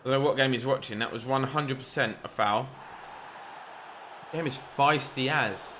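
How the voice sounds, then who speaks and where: Brief: gamer, bright tone, excitable match commentary, faint room ambience. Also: male voice, mid-range voice, normal speed, a little hiss or hum. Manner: excitable, shouts at the referee. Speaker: gaming YouTuber. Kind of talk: game commentary.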